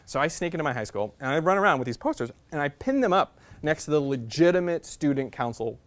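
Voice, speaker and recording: A man's voice: a little high, lively intonation, fast talker. Man in his thirties telling funny stories. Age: 30s. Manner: self-deprecating, chatty, full of "like" fillers. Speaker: guest speaker. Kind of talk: humorous personal storytelling talk. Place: university classroom.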